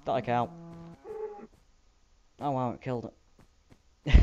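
A man's voice: medium pitch, a little mellow. Rambling man narrating his gameplay. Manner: rambling, self-mocking, playful sound effects. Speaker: Minecraft let's player. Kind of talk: casual gameplay commentary. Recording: dull lo-fi home mic with faint hiss.

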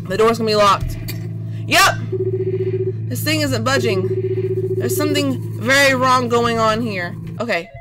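A woman playing a horror game and commenting in a goofy, playful way, with baby-talk words, who gets excitable and jumpy when scared. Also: a little high, moderate pace, poor audio. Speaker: gaming YouTuber. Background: loud eerie game music.

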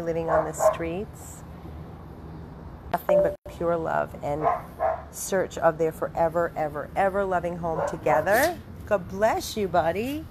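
Brief: woman rescue volunteer, low-pitched and gushing, affectionate casual talk, recorded outdoors with clear background noise. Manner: gushing, affectionate, switches into high baby talk for the dogs. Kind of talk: casual video narration with pet talk.

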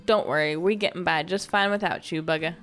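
A woman doing a gruff scrappy runaway. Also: mid-range voice, normal speed, a bit bright, soft background music, lightly acted. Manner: rough put-on accent, blunt. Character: gruff scrappy runaway villager, tough and proud.

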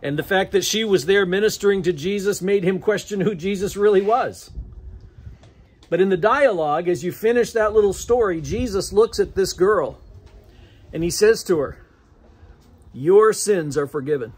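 A man's voice: high-pitched, moderate pace, husky. A man with an American accent preaching a sermon as pastor, conversational and often chuckling between phrases. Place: church sanctuary.

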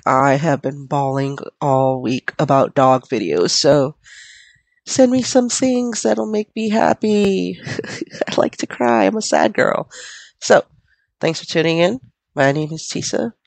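Sick woman podcaster, gravelly fading voice, coughing, rambling, dry close sound. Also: lowish voice, dry recording. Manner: rambling, self-deprecating, profane. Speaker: podcast host. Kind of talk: casual solo podcast chat. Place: in bed at home.

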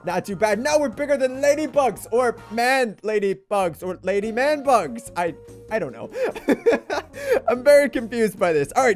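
High-voiced goofy gamer guy. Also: very animated, moderate pace, faint music behind. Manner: goofy, punny, laughs often. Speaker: gaming video creator. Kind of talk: let's play commentary.

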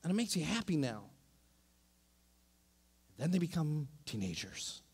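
Animated male pastor in a reverberant church. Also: a little high, unhurried, slightly rough. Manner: animated, with frequent restarts. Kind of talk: sermon. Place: church sanctuary.

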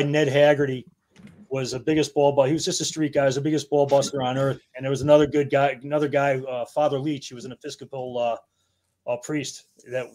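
A man's voice: mid-range voice, a little mellow. A man in his fifties, a guest on a podcast, telling rambling, laughing stories from his working years, with casual swearing. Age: 50s. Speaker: guest, battalion chief.

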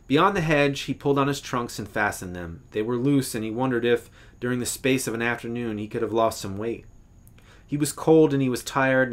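Measured male reader of a literary story. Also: mid-range voice. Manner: measured, expressive, occasional self-corrections. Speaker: English professor reading a story. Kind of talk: literary short story reading.

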